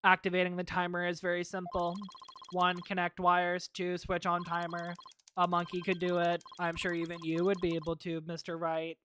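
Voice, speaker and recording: A woman voicing a calm, smug male bomb-disposal expert witness, clipped and deadpan, for a courtroom game. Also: on the low side, normal speed, slight background noise, close to an everyday voice.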